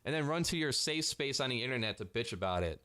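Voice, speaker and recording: Male vlogger, mid-pitched, sarcastic and foul-mouthed, exasperated ranting commentary. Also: lively intonation, fast, bright, forceful tone. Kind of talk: commentary rant.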